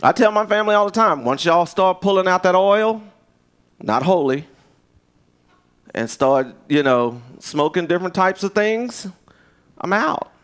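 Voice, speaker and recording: A man preaching a sermon in a loose, conversational way, with restarts and asides, swinging from loud emphasis to hushed, and in his speech. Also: high voice, expressive, measured pace, long pauses, clear, resonant tone. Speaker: pastor.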